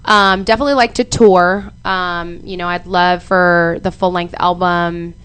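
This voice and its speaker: A woman's voice: fairly low pitch, fairly even intonation, a little slow, fairly bright tone, clear, resonant tone. A young woman from South Africa, speaking with an American accent, chatting as a singer-songwriter guest in a radio studio interview, with lots of ums. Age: young adult. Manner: chatty, many ums, upbeat.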